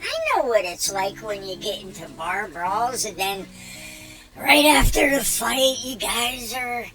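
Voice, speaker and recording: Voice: mid-range voice, slow pace, rough recording. A performer voicing a chatty, hyped-up male robot buddy who talks at length and mocks those who pester him. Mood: preachy. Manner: long-winded, animated, mocking. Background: clear music.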